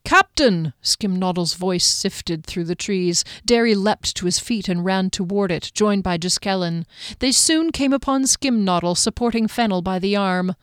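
A woman narrating a fantasy audiobook in a measured, even storytelling manner, recorded on a close microphone. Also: mid-range voice, clean tone, dry recording.

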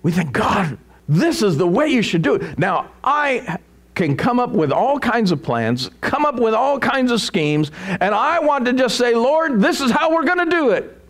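A man delivering a sermon in a notably high voice. His pitch leaps and dips constantly as he tells the story. He raises his voice to act out the story's characters. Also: unhurried. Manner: animated, dramatic swings in pitch and loudness. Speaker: preacher.

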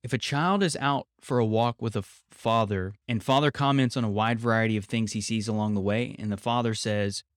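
A man hosting a podcast from home, talking things through in a calm, reflective, measured way. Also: on the low side, smooth, no room sound, clean studio sound. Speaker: podcast host. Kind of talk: explanatory podcast talk.

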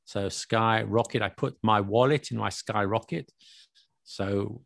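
A man's voice: on the low side, a little slow, creaky, no room sound. A man hosting a casual lesson, explaining slang with worked examples and chuckling now and then.

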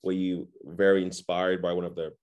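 A man with a very low voice interviewing a guest. He asks his questions in halting pieces, starting over as he goes. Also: flat delivery, a little mellow.

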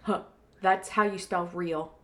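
A soft-spoken woman co-hosting a podcast in casual chat, bubbly and chatty, recorded at a home desk on one shared mic. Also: fairly low pitch, steady tone, a little slow. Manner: bubbly and chatty, laughs easily. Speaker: podcast co-host. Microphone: single shared desk mic.

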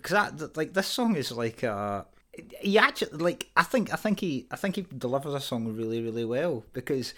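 A man's voice: mid-range voice, big pitch swings, fairly bright tone. Guy on a podcast, medium voice, rambles and teases his cohost. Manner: quick, rambly, teasing banter. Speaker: podcast co-host. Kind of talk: casual chat.

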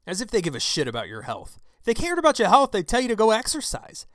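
A man hosting his own talk show, delivering an angry, profane political rant into a close microphone, with shouted outbursts. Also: sits high, wildly swooping pitch, fast, hardly any pauses, dry recording. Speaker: show host. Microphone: close studio mic.

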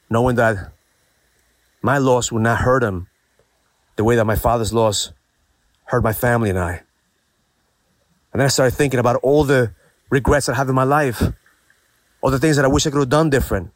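A man's voice: medium pitch, dry recording. Earnest man, dry close sound. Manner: earnest, storytelling with rhetorical questions. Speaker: host of a daily inspirational talk. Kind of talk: personal reflective monologue.

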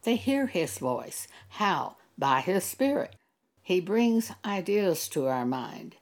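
A woman preaching a sermon in a slow, measured teaching manner. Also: fairly low pitch, big pitch swings, darkish tone. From Texas.

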